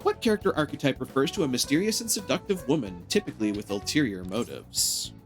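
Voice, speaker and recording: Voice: mid-range voice, sing-song, quick pace, soft background music. A streamer chatting with friends and reading game dialogue and quiz questions aloud. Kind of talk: let's-play chat and reading aloud.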